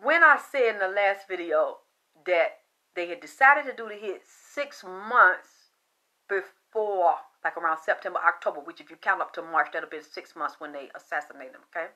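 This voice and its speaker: Hosting a video, this woman tells a meandering conspiracy story with animated, hushed-then-loud conspiratorial energy. She speaks at a moderate pace in a somewhat low voice.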